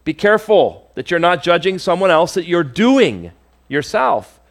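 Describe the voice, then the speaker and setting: A man's voice: high voice, sing-song, a little slow. A male pastor preaching a conversational, emphatic sermon to his congregation.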